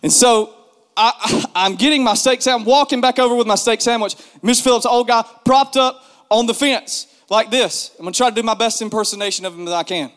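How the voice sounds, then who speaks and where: A man spins a comic tale in a high voice, animated and self-mocking, leaning on repeated words for punch. His voice rings out with a long reverb, as if in a large hall. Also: brisk. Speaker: storyteller. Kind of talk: casual comic storytelling.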